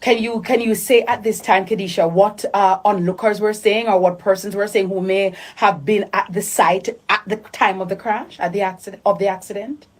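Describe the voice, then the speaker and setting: A woman's voice: mid-range voice, steady tone, normal speed, few pauses, slight background noise. A woman radio news host with a Jamaican accent, talking live in a chatty way with fillers.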